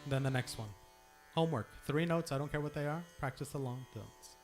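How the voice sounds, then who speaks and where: Faint music sits behind this young man's medium-pitched, fairly quick speech. He's a temple singing leader in the hall, walking the congregation through long-note practice while demonstrating and offering encouragement.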